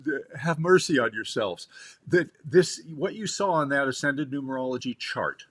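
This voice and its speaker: A man on a spiritual talk radio show, speaking as a medical intuitive, animated and often repeating words as he starts a sentence. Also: on the high side, moderate pace.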